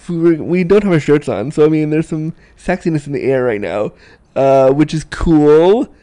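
A man hosts a casual podcast from a small apartment, chatty and quick to laugh. His voice is mellow and smooth, sitting a little higher than most men's. He speaks close to a desk mic. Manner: chatty, excitable, laughs often. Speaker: podcast host. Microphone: desk mic, guest sharing it.

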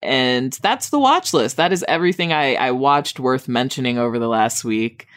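A woman hosts a casual TV-review podcast, rambling with plenty of fillers and a wry, exasperated edge. She is high on weed as she talks. When she mocks someone her pitch leaps sharply upward. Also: expressive, moderate pace. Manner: wry, exasperated, jumps high for mock quotes. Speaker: podcast host.

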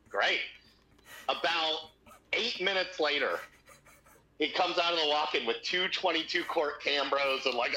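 A man in his thirties chatting casually on a podcast, telling profane, animated anecdotes with quoted voices. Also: fairly high pitch, normal speed, pauses often, a little hiss or hum. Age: 30s. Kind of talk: casual chat, storytelling. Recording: dull lo-fi audio.

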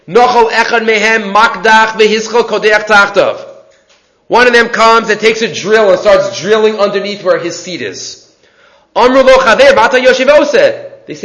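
A man's voice: high-pitched, fairly bright tone, reverberant, low-quality recording. A man teaching a weekly Torah class, explaining sources line by line and asking and answering his own questions.

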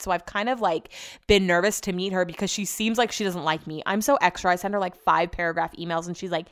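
Chatty young woman, smooth clear voice. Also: mid-range voice. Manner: chatty, rambling, lots of filler words. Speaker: podcast and radio host. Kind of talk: casual storytelling.

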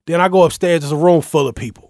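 Guy telling a wild story, kinda high voice, dry close sound, jumps around a lot. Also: fast, dry recording. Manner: lively, acts out quotes with big jumps in pitch and volume. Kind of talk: animated storytelling in casual chat.

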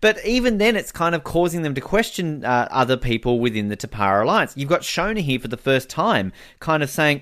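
Animated man co-hosting a podcast. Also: a little high, fairly quick, few pauses. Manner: animated, mimics people in quotes. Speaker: podcast co-host. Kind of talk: casual chat.

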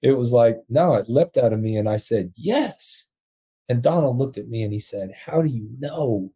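A man telling an emotional story as a podcast guest, earnest and quick to laugh. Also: medium pitch, warm tone, breathy edge. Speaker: podcast guest, prison ministry founder. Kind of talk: storytelling in conversation.

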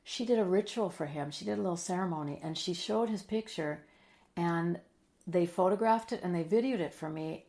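A middle-aged woman in a heartfelt interview, telling a personal story with earnest emotion, sometimes dropping soft and quiet. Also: lowish voice, moderate pace. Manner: earnest and emotional, drops soft and quiet, then lively when quoting. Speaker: guest.

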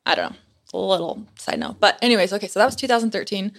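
A young woman chats loosely with a podcast host, her sentences strung together with frequent "like"s. She sounds casual and talkative, with a middle-range pitch, and tells her story as it comes. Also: very fast, vocal fry. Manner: chatty, peppers speech with "like". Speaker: podcast guest.

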